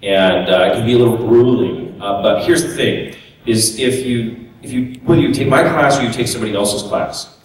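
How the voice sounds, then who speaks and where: A man's voice: mid-range voice, normal speed, a little hiss or hum. A man, a voice actor and workshop teacher, explaining things casually on a convention panel. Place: large convention room. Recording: echoey hall recording from far off.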